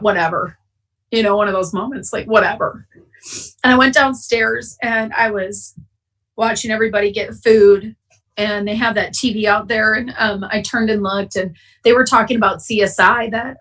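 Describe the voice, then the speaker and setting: A woman's voice: mid-range voice, a bit bright, husky, distant mic, low-quality recording. A woman from Wisconsin speaking candidly and emotionally as a speaker at a recovery meeting. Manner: emotional, candid, choking up at times. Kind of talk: personal recovery share. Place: online conference, at home.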